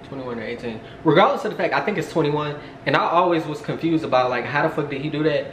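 A young man rambles through a casual storytime, peppering it with fillers and side comments. His voice sits a bit high. The room is echoey, with a faint hum behind him. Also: quick pace. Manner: animated, rambling, many fillers and asides. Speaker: storytime vlogger.

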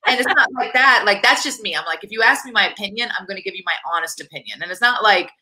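A woman's voice: medium pitch, lively intonation, quick pace, sharp tone, rough recording. A woman wrestler as a guest, speaking frankly and rambling with many fillers in a casual interview. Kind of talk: casual video interview chat.

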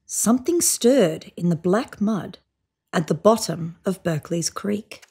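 A woman reading a children's picture book aloud, telling it expressively and slowing down for suspense. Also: medium pitch, expressive, dark tone, breathy edge. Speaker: storybook reader.

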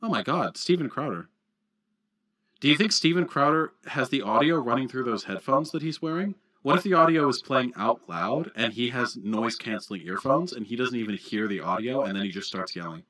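A man's voice: medium pitch, expressive, fairly quick, sharp tone. A man giving livestream commentary on a video, mocking and swearing as he talks.

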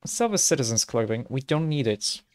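Low-key man rambling over gameplay. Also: lively intonation, a little fast, darkish tone. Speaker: let's play host. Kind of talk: casual gameplay commentary.

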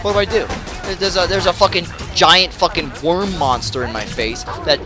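A man's voice: high-pitched, expressive, normal speed, music in the background. A man giving let's play commentary at home, ranting furiously with constant swearing and stammered repeats. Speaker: gamer. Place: at home playing on a television.

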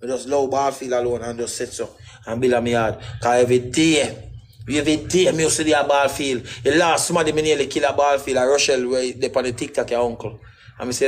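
A man's voice: medium pitch, fairly even intonation, fast, poor audio. A middle-aged man, guest in a casual interview, talking in rambling, emphatic patois.

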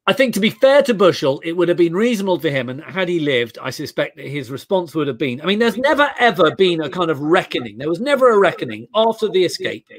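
High-voiced English man, rambling. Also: quick pace, hardly any pauses. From England. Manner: rambling, many restarts and fillers, animated storytelling. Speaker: guest historian. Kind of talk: casual video-call chat.

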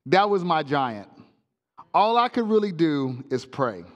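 High, lively pastor telling a story. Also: male voice, a little slow, big-room sound, lo-fi sound. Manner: animated, comic storytelling with sound effects. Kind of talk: sermon with personal story. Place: church sanctuary.

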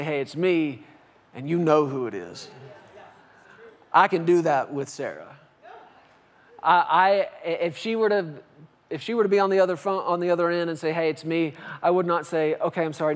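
A man in his thirties preaching a sermon as pastor of a church, telling stories and acting out phone calls with playful, exaggerated voices. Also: fairly high pitch. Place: church sanctuary.

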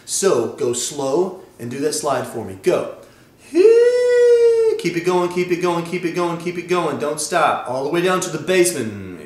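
A man coaching a vocal warm-up while sick, his voice straining and cracking as he demonstrates slides and sirens. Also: fairly high pitch, animated, normal speed, few pauses, reverberant.

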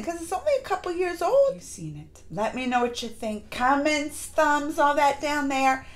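A woman reviewing a movie in a casual vlog, gushing and excitable, with lots of fillers and restarts. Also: sits high. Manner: acts out lines in quick put-on voices. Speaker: movie reaction vlogger. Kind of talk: casual chat.

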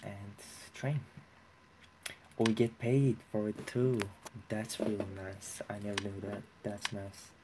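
Young guy cursing and hyping himself up over a game, lowish voice, typing clacks in the background. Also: takes it slowly, noisy background. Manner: profane, excitable, talks to himself. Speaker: let's play gamer. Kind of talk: casual gameplay commentary.

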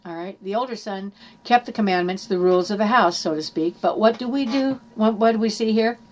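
A woman's voice: medium pitch, a little fast, a little hiss or hum. A woman preaching a sermon in an earnest teaching manner, reading scripture aloud and explaining it.

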